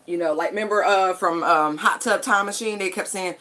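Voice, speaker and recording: A woman's voice: lowish voice, steady tone, a little fast, hardly any pauses, fairly bright tone. A woman giving a casual spiritual tarot reading, chatty and emphatic, with casual swearing. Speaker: tarot card reader.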